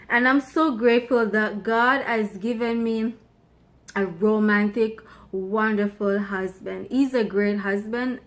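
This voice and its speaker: A woman chatting playfully with her husband about their marriage, talking freely and laughing often. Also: medium pitch. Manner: self-described loud mouth. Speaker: co-host, wife. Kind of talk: casual chat about marriage.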